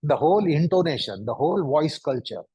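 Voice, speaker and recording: A man giving a lecture, speaking deliberately and piling up synonyms for emphasis. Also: fairly high pitch, animated, mellow, slightly rough, no echo. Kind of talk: lecture to an audience. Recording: dull, dry recording.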